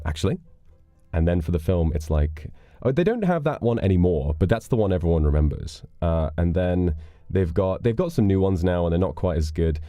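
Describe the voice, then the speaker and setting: A man's voice: deep voice, a little fast, no room sound, soft background music. A man hosting a livestream, chatting casually and playfully with viewers and thanking them for donations. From United Kingdom. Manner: relaxed, playful, chatty with dramatic flourishes. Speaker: livestream host reading donations. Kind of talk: casual chat.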